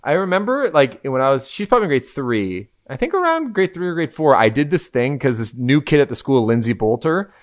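A man hosting a casual podcast chat, telling stories in an animated way and often laughing. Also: medium pitch, a little fast, few pauses.

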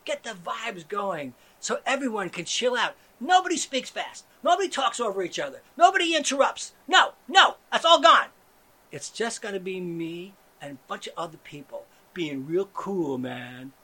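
A man hosts a satirical comedy monologue in a bright, sharp voice whose pitch leaps all over the place. He keeps swinging between soft, hushed mellow talk and sudden yelling, all played with heavy irony. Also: very animated, moderate pace, hardly any pauses, breathy edge. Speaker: show host.

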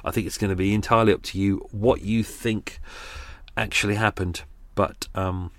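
Casting note: male podcast host, low voice, chatty and rambling, dry close sound. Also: steady tone, moderate pace, no room sound. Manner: chatty, rambling, with asides and laughs. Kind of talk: casual true-crime podcast wrap-up.

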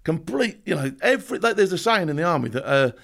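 Man, rapid talk, slightly high voice, animated storyteller. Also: gravelly. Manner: animated, acts out quotes and laughs often. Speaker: podcast guest, former special forces soldier. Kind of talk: casual storytelling interview.

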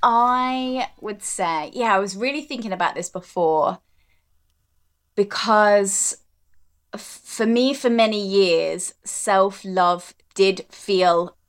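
A woman coach speaking as a podcast guest in relaxed conversation, reflective and earnest, often repeating words for emphasis. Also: mid-range voice, slow pace, clean tone.

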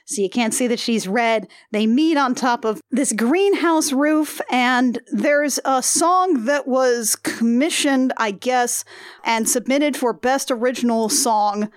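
A woman's voice: on the high side, takes it slowly, clear, resonant tone, dry recording, studio quality. A woman co-hosting a podcast, chatting casually and asking incredulous questions. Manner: chatty, trailing 'like' fillers, incredulous questions. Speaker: podcast co-host. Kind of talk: casual comedic chat.

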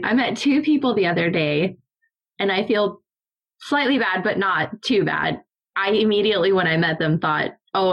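A woman's voice: mid-range voice, dull audio. Podcast co-host, young woman, chatty storyteller who mimics people, laughs a lot. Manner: animated storyteller, laughs often, acts out quotes. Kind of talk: casual chat.

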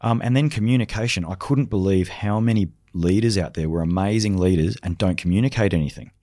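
Deep-voiced man telling war stories. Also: a little fast, dark tone, dry recording, clean studio sound. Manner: vivid anecdotes, acts out quoted dialogue. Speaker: leadership consultant, special forces veteran. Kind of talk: storytelling podcast conversation.

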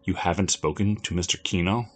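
A man's voice: low voice, fairly even intonation, a little fast. A man doing a cold, imperious tall woman. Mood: cool. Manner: curt and commanding.

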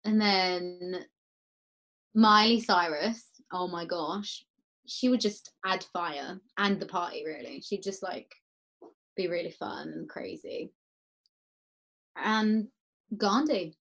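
A woman's voice: fairly low pitch, slow pace, vocal fry, fairly bright tone, poor audio. A young woman in casual chat, giggling and telling her answers in a playful, rambling way. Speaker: guest.

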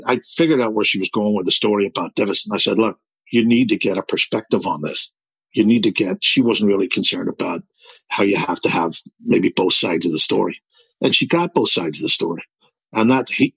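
A man's voice: fairly low pitch, fairly bright tone, slightly rough, no echo, low-quality recording. A man in his sixties with a Northern Irish accent, telling a long personal story as a guest, rambling and repeating words. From Belfast, Northern Ireland. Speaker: interviewee. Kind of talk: storytelling conversation.

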